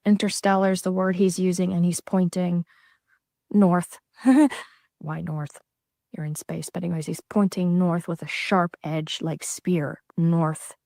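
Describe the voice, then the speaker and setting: Shaken woman, halting and whispery. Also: on the low side, little pitch movement, vocal fry, dark tone, no room sound, clean studio sound. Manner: halting, shaky, slipping into whispers. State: shaken and emotional. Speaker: self-described psychic. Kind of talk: emotional social media clip.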